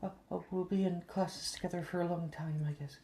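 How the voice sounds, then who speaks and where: Shy tall schoolgirl, quick then trailing off, voice set higher, as a man puts her on. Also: steady tone, dark tone, a little hiss or hum. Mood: hesitant. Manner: hesitant, trailing off.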